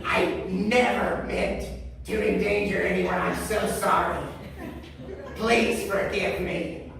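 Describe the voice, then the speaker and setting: A man putting on the gravelly voice of a gruff stranger, loud at first and then apologetic, during a sermon in an echoey church heard from far off. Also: high voice, fairly even intonation, slow pace, crowd noise, voice pushed down.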